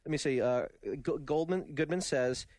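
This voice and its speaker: A man reads gaming news on a podcast, tripping over words and laughing as he goes. His voice sits fairly high, and the mic is close and dry with no room sound. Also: moderate pace, a little mellow, no room sound. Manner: laughing, stumbling, repeating words. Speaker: podcast co-host reading news. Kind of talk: casual podcast chat.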